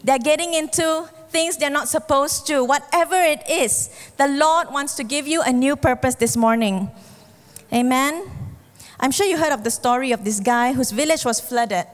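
A woman preaching a sermon, telling stories and acting out the characters with lively shifts of voice. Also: moderate pace. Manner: animated storytelling, acts out characters with shifting pitch. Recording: long hall reverb.

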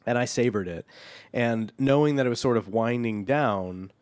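A man's voice: medium pitch, normal speed, a little mellow, no echo. Reflective, hesitant man, dry sound. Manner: reflective, hesitant, many restarts. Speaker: podcast co-host. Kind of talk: casual chat.

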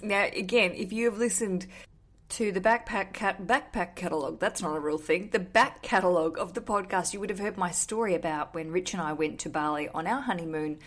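A woman talks casually on her wedding podcast, her voice sitting a little low. She is candid and self-deprecating, dropping the odd swear word. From Australia. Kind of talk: casual solo podcast chat.

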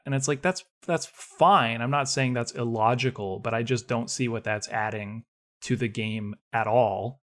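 A man's voice: mid-range voice, normal speed, a bit bright. A man co-hosting a podcast, chatting casually and ranting with animation about writing, laughing often. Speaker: podcast co-host.

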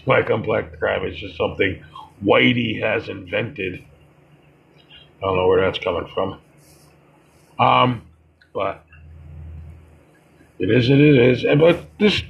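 Gravelly man ranting in slow bursts. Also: fairly low pitch. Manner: heated, profane, halting with restarts. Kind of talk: monologue commentary. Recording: dull lo-fi recording.

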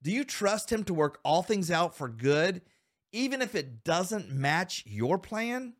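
An earnest male podcast host with a slightly high-set voice, urging his listeners on. He talks to them directly, calling them guys and men, and asks them one question after another. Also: very animated, measured pace. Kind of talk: Christian men's podcast talk.

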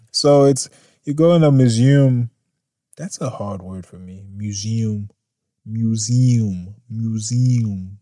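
A man's voice: medium pitch, warm tone, dry recording, clean studio sound. A man hosting a casual news podcast, laid-back and rambling, swearing and laughing often. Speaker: podcast host.

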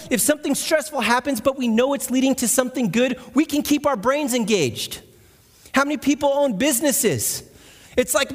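A man preaching as a guest speaker, and his voice sits unusually high. He talks to the congregation in a conversational way and often asks them questions. The sound rings with the long reverb of a large hall. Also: moderate pace. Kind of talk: sermon. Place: church.

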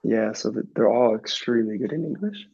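A man's voice: on the low side, brisk, vocal fry, warm tone, husky, highs cut off. A man in his twenties from Minnesota, a podcast guest who talks in a loose, rambling way with many restarts. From Minnesota, USA. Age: 20s. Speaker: guest, professional soccer player. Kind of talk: casual podcast chat.

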